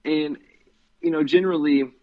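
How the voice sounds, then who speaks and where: A man's voice: a little high, fairly even intonation, moderate pace. A man chatting casually as a co-host, rambling with lots of fillers. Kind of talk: casual chat. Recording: slightly muffled lo-fi sound.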